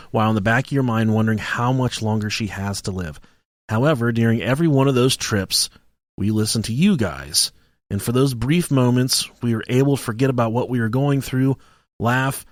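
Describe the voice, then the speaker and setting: A man's voice: medium pitch, no room sound, studio quality. A man co-hosting a podcast, reading listener emails aloud and cracking crude jokes between them. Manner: crude joking, mocking voices when quoting people. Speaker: podcast co-host.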